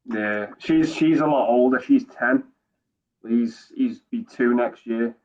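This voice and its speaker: A man's voice: mid-range voice, slow, a little mellow, dull audio. A man in a casual group chat, easygoing and prone to repeating words.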